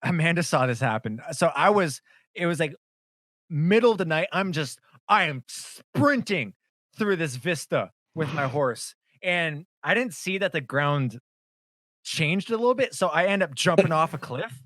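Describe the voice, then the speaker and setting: A man co-hosting a podcast, telling game stories in a casual, animated way with laughter and swearing. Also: fairly high pitch, moderate pace, no echo, studio quality. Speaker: podcast co-host. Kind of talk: casual chat about video games.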